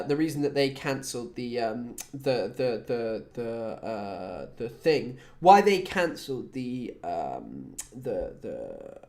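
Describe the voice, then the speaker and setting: A woman's voice: on the low side, a bit bright. A woman from the UK chatting casually on a livestream, rambling, swearing and often restarting her sentences. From United Kingdom. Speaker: streamer.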